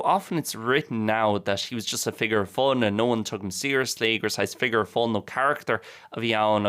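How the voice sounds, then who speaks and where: A man's voice: fairly low pitch, fairly bright tone. A man hosting a bilingual language podcast, casually repeating each point in two languages. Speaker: Irish language teacher and podcast host.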